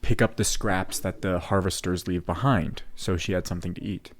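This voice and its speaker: Male co-host, low-pitched, conversational, stops and restarts while retelling scenes. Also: fairly even intonation. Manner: retells scenes with quoted lines, halting restarts. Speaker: podcast co-host. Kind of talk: casual discussion of a play.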